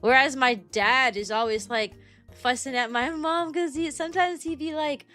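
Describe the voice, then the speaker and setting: Young woman, casual stream chat, rambling, fillers, higher-pitched, faint music underneath. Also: steady tone, moderate pace, pushed and bright. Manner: rambling and chatty, with many fillers and restarts. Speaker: kindergarten teacher and VTuber streamer.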